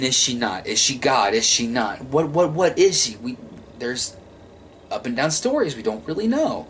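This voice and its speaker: A man talks through a film review in a loose, rambling way. He swears freely and often trips over his words before starting again, in a voice of ordinary pitch. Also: a bit bright, slight background noise. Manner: rambling, profane, frequent restarts. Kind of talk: casual film review monologue.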